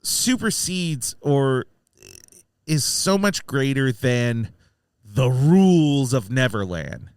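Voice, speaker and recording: Lively, animated man reviewing a film. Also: medium pitch, slow pace, smooth, no room sound, clean studio sound. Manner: animated, acts out lines in mocking voices. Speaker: podcast co-host. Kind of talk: casual film review chat.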